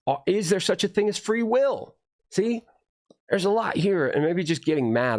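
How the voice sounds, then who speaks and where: A man delivering a rambling, profane monologue to camera, swinging between low muttering and heated outbursts. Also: expressive, moderate pace, darkish tone. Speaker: video host.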